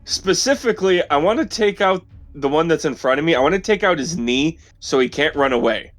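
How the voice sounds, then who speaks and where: A man playing in a tabletop game, asking deliberate questions about the rules. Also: fairly high pitch, lively intonation. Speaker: player. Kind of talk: casual tabletop game chat.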